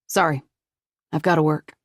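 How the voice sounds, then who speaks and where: A woman voicing an irritable, unreliable father who speaks low and curtly. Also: steady tone, normal speed, dry recording, clean studio sound.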